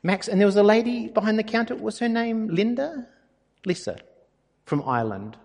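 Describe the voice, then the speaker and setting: Animated pastor, husky voice. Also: male voice, sits high, normal speed, big-room sound. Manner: conversational, anecdotal, animated. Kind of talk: sermon.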